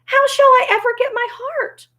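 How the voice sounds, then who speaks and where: A woman's voice: extremely high pitch, steady tone, moderate pace, sharp tone, voice pushed up. A woman voicing an anxious tin man who speaks with agitation. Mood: agitated.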